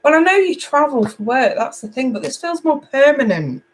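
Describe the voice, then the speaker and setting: A middle-aged woman from England reading tarot cards live, chatty and animated as she talks to viewers. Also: high-pitched, moderate pace, poor audio. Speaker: tarot reader.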